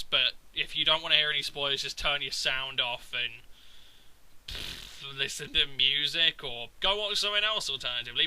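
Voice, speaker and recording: A man's voice: a little high, bright, forceful tone, dry recording, rough recording. A man, ranting casually and profanely about a video game. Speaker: gaming video maker. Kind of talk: casual rant.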